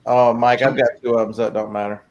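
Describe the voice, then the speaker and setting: A man's voice: mid-range voice, flat delivery, fast talker, muffled recording, noisy background. A man hosting a casual group chat on a video call, joking and laughing often. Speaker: host of a live listing hangout.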